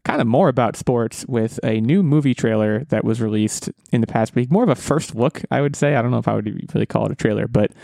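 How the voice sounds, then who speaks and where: A man's voice: mid-range voice, fast, vocal fry, hardly any pauses, dark tone, dry recording. Chatty thirty-something man hosting a podcast. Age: 30s. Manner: chatty, self-deprecating, rambling restarts. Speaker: podcast host. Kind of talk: casual podcast chat.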